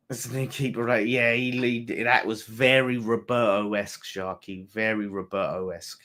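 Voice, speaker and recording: A man hosting a live fan watchalong of a football match, talking excitably to his viewers, swearing freely and bantering as the play unfolds. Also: lowish voice, unhurried. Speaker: fan channel host.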